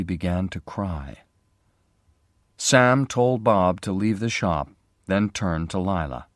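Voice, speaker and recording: A man narrates a graded reader story in a clear, measured voice. He speaks slowly, and his intonation rises and falls expressively. The sound is close and dry. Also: low voice, lively intonation, dry recording. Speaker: audiobook narrator.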